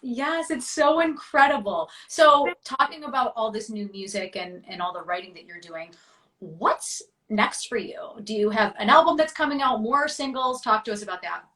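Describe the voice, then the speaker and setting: A woman's voice: on the high side, moderate pace, bright, forceful tone, far from the mic. A woman hosting a live-stream interview, upbeat and encouraging with her guest. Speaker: interview host.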